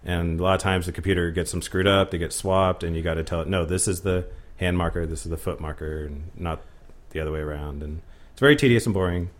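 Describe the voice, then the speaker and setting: A man with a low, relaxed voice chats casually as a guest. He tells his stories in an easygoing way, quoting the people in them as he goes. His pitch sits clearly below most men's. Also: fast talker. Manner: easygoing storyteller, quotes others in his anecdotes. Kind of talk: casual chat.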